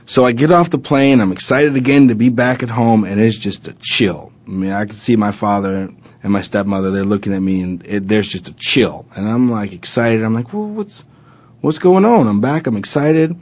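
Animated man retelling his past. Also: lowish voice, moderate pace, highs cut off. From Arizona. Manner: animated retelling, acting out past dialogue with many fillers. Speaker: former college football player. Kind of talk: personal storytelling interview.

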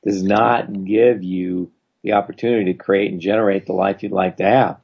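A man co-hosting a radio talk show, chatting in a dry, laid-back way with quick quips. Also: low-pitched, steady tone, breathy edge, dull audio. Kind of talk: casual chat.

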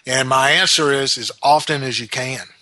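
A man hosts a self-help show and gives an earnest motivational talk. His voice is bright and forward. The sound is dry and close, and he slowly repeats each affirmation for emphasis. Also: mid-range voice, fairly even intonation, no room sound.

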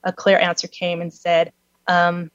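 A woman telling a personal story, animated and swinging her pitch up high when she mimics the people she met. The recording is dull and a little lo-fi. The sound is dry and close, with no room around her. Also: unhurried, smooth, dry recording. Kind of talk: personal story told in conversation.

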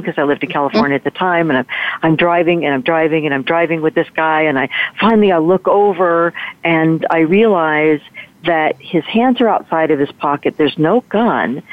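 A woman guest, a motivational speaker, telling a personal story in a lively way and acting out the voices of the people in it. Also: sits low, dry recording. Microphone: telephone. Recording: tinny phone line, dry.

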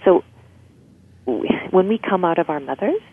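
A woman's voice: lowish voice, animated, normal speed, gravelly, slightly rough. A woman guest explaining emotional healing in an interview, often checking in with "right?". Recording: tinny phone-like line.

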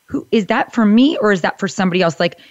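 A woman's voice: mid-range voice, lively intonation, quick pace, no room sound, dull audio. A woman hosting a podcast, reflecting back and affirming what her guest says. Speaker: podcast host. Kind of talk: supportive interview conversation.

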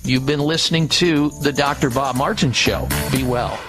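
Over music, a man with a mid-range voice hosts a radio health show. He reads ad copy, repeating phone numbers slowly, and chats about a medical story.

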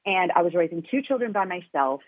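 A woman's voice: lowish voice, animated, brisk, dry recording. A woman, a guest who coaches parents and children, telling her story in an earnest, motivational way. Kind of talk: personal storytelling in conversation. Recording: tinny phone-line audio.

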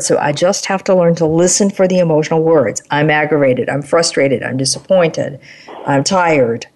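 A woman's voice: low-pitched, a little mellow. A woman hosting an interview, affirming and summing up her guest's points. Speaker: interview host.

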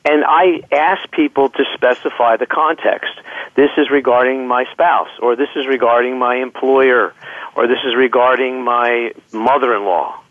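A man who is a clinical psychologist guest, speaking haltingly over the phone with many restarts. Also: medium pitch, fairly even intonation, dry recording. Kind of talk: interview conversation. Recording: tinny phone line.

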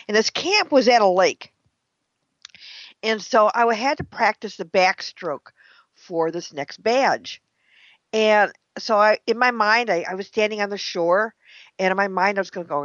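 A woman giving a motivational talk, telling a personal story with dramatic pauses and repeated phrases. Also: medium pitch, no room sound. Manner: dramatic, repetitive storytelling with slowed emphasis. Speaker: motivational speaker. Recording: dull, lo-fi, dry sound.

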